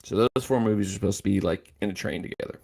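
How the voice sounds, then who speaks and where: Gravelly low-voiced man rambling. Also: fast talker, warm tone. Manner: rambling, filler-heavy. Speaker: host. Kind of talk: casual livestream chat.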